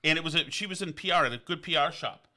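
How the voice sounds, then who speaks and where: Still indoors on location, the Vermont man carries on his digressive podcast monologue, casual and peppered with restarts and fillers. He speaks fast in a slightly high voice that sounds pushed and bright.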